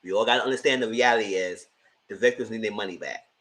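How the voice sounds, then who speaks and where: A man hosting a live TV review, giving sassy, animated commentary straight to his viewers. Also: fairly low pitch, quick pace, low-quality recording. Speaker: TV review host.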